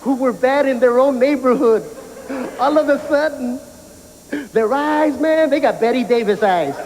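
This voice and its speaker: A man doing stand-up comedy, telling animated stories and mimicking people. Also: very high voice, unhurried, big-room sound. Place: prison yard. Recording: noisy outdoor recording.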